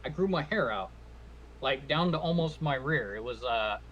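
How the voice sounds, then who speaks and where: A man's voice: medium pitch, expressive, moderate pace, fairly bright tone, highs cut off, slight background noise. A man co-hosting a casual talk stream, explaining his view point by point. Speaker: podcast co-host. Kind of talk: casual opinion chat.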